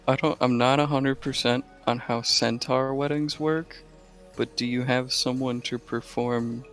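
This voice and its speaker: A man taking part in a tabletop role-play, asking pointed, suspicious questions. He speaks slowly and deliberately in an ordinary mid-range voice. Light music runs faintly behind him. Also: mid-range voice, fairly even intonation, a bit bright. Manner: probing, wary questions. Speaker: player.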